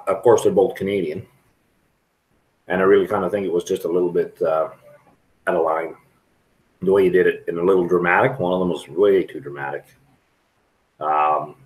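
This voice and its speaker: A low-pitched middle-aged man rambles candidly to his live-stream audience while sitting in a restaurant. It's a relaxed chat, captured on a rough recording.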